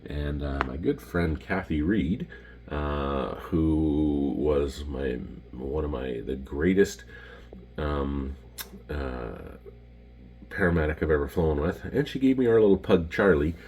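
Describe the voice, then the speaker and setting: A middle-aged Canadian man with a Canadian accent, telling casual stories about his flying days and pausing often with ums and restarts. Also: a bass voice, lively intonation, a little mellow, slight background noise. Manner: rambling, many ums and restarts. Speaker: retired pilot showing his patches. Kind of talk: casual storytelling to camera.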